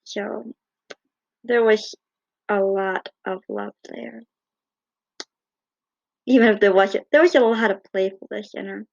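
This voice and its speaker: A woman telling fond, gently humorous personal stories in a casual way. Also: mid-range voice, slow, creaky, pauses often, muffled recording. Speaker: cat owner.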